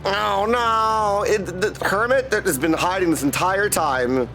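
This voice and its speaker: A male streamer talks casually with his chat, upbeat and greeting viewers by name. His voice sits notably high, and game music plays loudly behind him. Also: measured pace.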